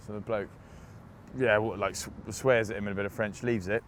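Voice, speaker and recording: Chatty man with a lowish voice. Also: fairly quick, a little hiss or hum. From England. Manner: chatty, laughing, animated anecdotes. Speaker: interview guest, rugby player. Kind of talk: casual storytelling interview.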